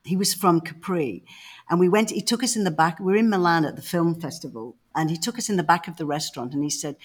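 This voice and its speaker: A woman from the north of England, co-hosting a podcast and telling stories in a lively, emphatic, casual way. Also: low-pitched, fast talker, slightly rough. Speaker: podcast co-host. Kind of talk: casual chat.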